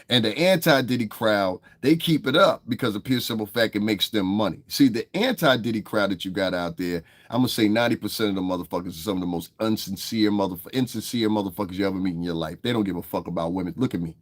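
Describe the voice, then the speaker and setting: Low-voiced man taunting his chat. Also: fast talker, hardly any pauses. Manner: confrontational, taunting, profane. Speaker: vlogger. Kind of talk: casual profane commentary to a live chat.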